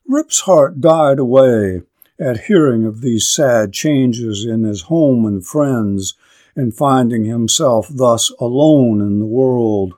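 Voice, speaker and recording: A man lecturing on literature, reading a classic story aloud slowly and deliberately, then commenting on it. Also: mid-range voice, dark tone.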